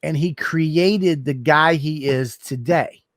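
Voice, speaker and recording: A man co-hosting a podcast in casual chat, excitable and self-mocking, swearing often. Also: fairly high pitch, slow, dry recording, clean studio sound. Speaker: podcast co-host.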